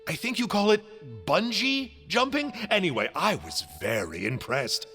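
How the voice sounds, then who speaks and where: An actor playing a cheerful, chatty member of a sinister order in a game, playfully polite. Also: male voice, high voice, big pitch swings, measured pace, sharp tone, soft background music, full character voice.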